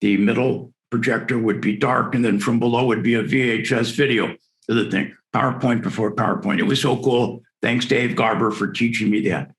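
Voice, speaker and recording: Man, 60s, gravelly, exclamatory storyteller, speaker on a virtual summit. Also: medium pitch, fairly even intonation, normal speed. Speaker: dental lecturer. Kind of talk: conference presentation. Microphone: video call.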